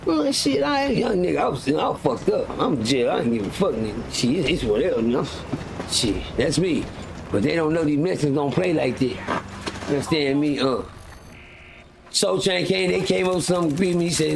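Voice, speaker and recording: Gravelly man telling a rowdy story. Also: a little fast, background noise. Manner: animated, acts out quotes in high loud voice, profane slang. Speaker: live show host telling a story. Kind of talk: casual storytelling.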